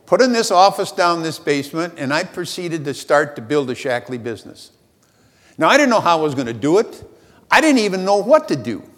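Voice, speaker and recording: A man's voice: on the high side, long reverb tail. A man giving a motivational speech at a sales convention. He tells a self-mocking story with lots of animation.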